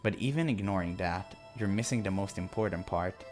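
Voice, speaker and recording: A man reading a visual novel aloud and voicing a sadistic, mocking young woman captor in his own fairly low voice. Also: a little fast, darkish tone, faint music behind, lightly acted. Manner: taunting, sneering.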